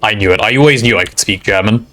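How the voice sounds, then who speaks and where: A man's voice: lowish voice, fast, a bit bright, soft background music. A man, streaming a game and chatting casually with a friend. He teases and mutters to himself as he plays. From Britain. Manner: playful, teasing, mutters while playing. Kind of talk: casual gaming stream chat.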